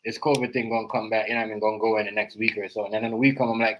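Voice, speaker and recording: A man hosting a live stream, rambling through casual reaction commentary and swinging between loud outbursts and quiet asides. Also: fairly low pitch, flat delivery, very fast, few pauses, low-quality recording. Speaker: stream host. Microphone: live stream setup.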